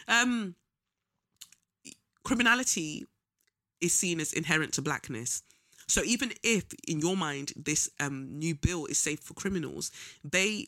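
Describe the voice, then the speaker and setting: A young man vents in a casual commentary monologue, blunt and full of slang, stopping for ums along the way. His voice is bright and a bit sharp, sitting slightly high. The sound is close and dry, with no room around it. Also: dry recording. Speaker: vlogger.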